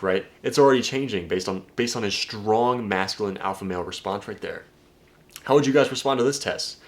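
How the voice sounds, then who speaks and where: A man with a fairly low voice walks viewers through text conversations as a dating coach. He talks emphatically, drops profanity freely, and keeps turning to the audience with questions. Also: brisk. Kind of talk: casual video breakdown of text messages.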